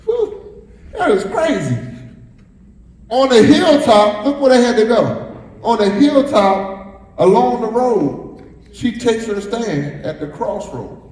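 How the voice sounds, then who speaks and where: A man's voice: extremely high pitch, very animated, takes it slowly, long pauses, darkish tone. A man preaching a sermon as pastor, repeating phrases and drawing responses from the congregation. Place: church sanctuary. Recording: echoey hall, roomy reverb.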